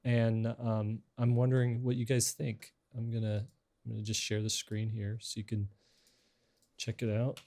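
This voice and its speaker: A man's voice: fairly low pitch, monotone, moderate pace, warm tone. A middle-aged man hosting a casual podcast chat, talking in a rambling, hesitant way with many restarts. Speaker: podcast host.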